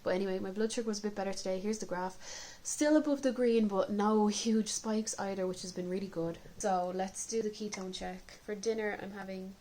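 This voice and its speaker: A woman's voice: medium pitch, steady tone, brisk, few pauses, mellow, low-quality recording. Chatty woman filming a home video diary. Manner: chatty, candid, with frequent coughs. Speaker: vlogger. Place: indoors at home.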